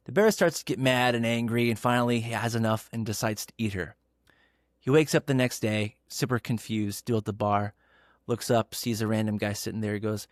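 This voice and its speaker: A man hosting a casual podcast, telling stories with lively acted-out quotes. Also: on the low side, a little fast, no echo, studio quality. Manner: animated storyteller, acts out quotes. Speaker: podcast host.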